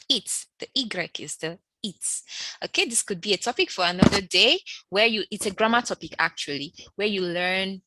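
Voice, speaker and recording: Casting: woman language teacher, unhurried, crisp bright tone, repeats each example phrase, dry close sound. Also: dry recording, rough recording. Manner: slow, repeats each French phrase, rises high on example questions. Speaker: French teacher. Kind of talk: online language lesson.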